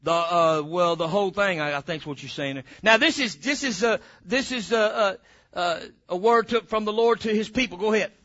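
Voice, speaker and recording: A man preaching a sermon as pastor, emphatic and fervent, breaking into sudden loud bursts. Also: high voice, a little fast, muffled recording.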